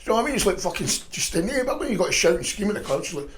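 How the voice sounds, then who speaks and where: A middle-aged man telling stories in a profane, rambling, animated way. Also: high-pitched, racing, hardly any pauses, roomy sound, crowd noise. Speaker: podcast guest. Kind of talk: casual storytelling chat.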